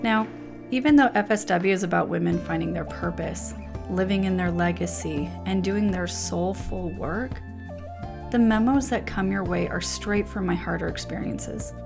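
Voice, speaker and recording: A woman's voice: fairly low pitch, moderate pace, vocal fry, music in the background. A woman reading her weekly blog memo aloud as a personal letter, upbeat and encouraging.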